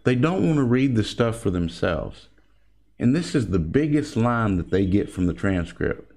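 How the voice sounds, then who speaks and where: A man's voice: lowish voice, sing-song, normal speed, darkish tone. A man delivering an opinionated political commentary monologue, speaking emphatically and calling his listeners folks.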